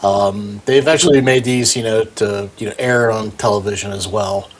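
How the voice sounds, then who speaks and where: A man's voice: on the low side, fairly even intonation, normal speed. A man co-hosting a podcast, laid-back and dry in casual chat. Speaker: podcast co-host.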